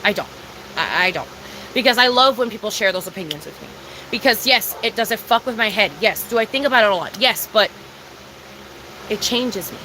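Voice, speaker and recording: Young woman, bright voice, confessional live-stream rant, emphatic, repetitive, faint background noise. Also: mid-range voice, expressive, fairly quick, rough recording. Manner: confessional and emphatic, heavy swearing, repeats herself. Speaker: livestreamer. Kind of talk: casual live-stream monologue.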